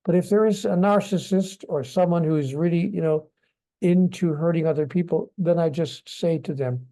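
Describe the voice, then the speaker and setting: An older man speaks softly and gently in an interview, taking his time over each thought. His voice is mellow and warm, sitting a little high for a man. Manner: gentle, soft-spoken, unhurried. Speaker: guest author. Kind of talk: interview conversation.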